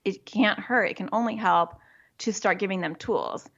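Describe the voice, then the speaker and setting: A woman's voice: mid-range voice, normal speed, gravelly, a bit bright, dull audio. A woman who works as a child therapist, speaking as a podcast interview guest. She explains practical ideas and often acts out what a parent or child might say.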